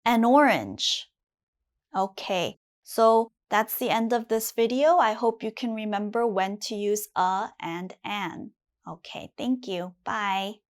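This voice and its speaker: A woman teaching basic English grammar, saying each word slowly and clearly and repeating it for learners. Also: mid-range voice. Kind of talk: slow, clear classroom lesson.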